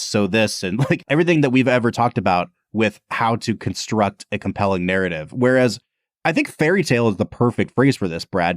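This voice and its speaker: A man's voice: medium pitch, dry recording, clean studio sound. A man co-hosting a podcast in casual chat, laid-back and playful. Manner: laid-back, playful, reads review passages aloud. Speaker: podcast co-host.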